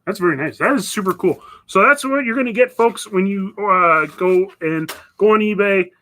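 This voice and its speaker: A man's voice: high voice, normal speed, pushed and bright, rough recording. A man from northern Canada hosting a casual live stream, rambling and chatting as he reads viewer messages. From Northwest Territories, Canada. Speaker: livestream host.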